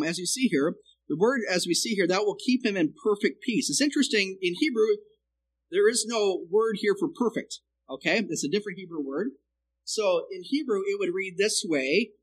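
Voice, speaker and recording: A man preaching a sermon who explains the Hebrew text and keeps checking in with "okay?", his loudness rising and falling. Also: sits high, slightly rough, low-quality recording.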